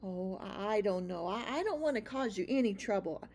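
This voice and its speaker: A woman voicing a shy, homeless boy field mouse in a children's storybook reading, quiet and stammering. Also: mid-range voice, lively intonation, fairly quick, slight background noise, close to an everyday voice. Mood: hesitant.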